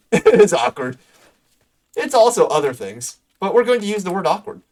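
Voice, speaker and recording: A man's voice: high-pitched, very animated, moderate pace, a little mellow. A man streaming a game live, making joking self-deprecating asides between dialogue.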